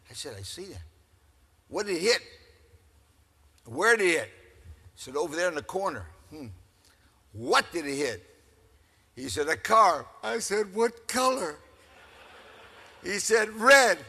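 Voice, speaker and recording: An older man giving a keynote speech, telling stories in an animated, folksy way to a crowd. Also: fairly high pitch, a little slow, pauses often, breathy edge. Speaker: keynote speaker. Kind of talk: storytelling speech. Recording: echoey hall.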